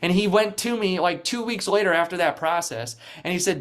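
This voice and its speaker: A man's voice: sits high, brisk, few pauses. A man speaking as a guest in a casual interview, telling stories with energy, acting out quoted voices, and filling his talk with "like". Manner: animated storytelling, acting out quoted voices, frequent "like" fillers. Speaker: podcast guest, real estate coach.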